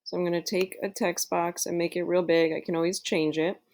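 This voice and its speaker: A woman's voice: on the low side, little pitch movement, brisk, a little mellow. A woman teacher giving a screen-recorded tutorial to her students in a friendly, chatty way, with plenty of fillers.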